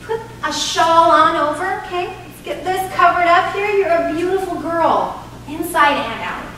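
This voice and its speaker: A woman improvising on stage as a pushy, scolding sister who lectures her sibling and breaks into shrill outbursts. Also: lively intonation, unhurried, bright, forceful tone, full character voice. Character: bossy scheming sister, young woman. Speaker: improv performer. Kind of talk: improvised stage comedy scene. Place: small theater stage. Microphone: distant room mic. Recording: echoey theater from far off, noisy.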